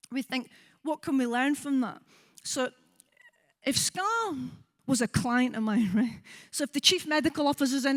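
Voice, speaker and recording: A Scottish woman in her forties, a psychologist giving a conference talk, lively and engaging, often checking in with the audience. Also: high voice. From Scotland. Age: 40s. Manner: lively, asks the audience with frequent "right?" and acts out quoted voices. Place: conference hall.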